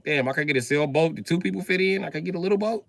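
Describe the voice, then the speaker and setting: A male comedian doing a crude, brash stand-up bit, loudly acting out characters and exchanges. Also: fairly high pitch, very fast, gravelly, no echo.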